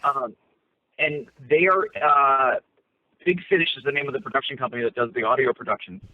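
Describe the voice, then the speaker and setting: A man's voice: mid-range voice, a little fast, dry recording. A man co-hosting a casual chat from a parked car, talking through his phone and rambling with many fillers and restarts. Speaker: co-host. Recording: tinny phone line.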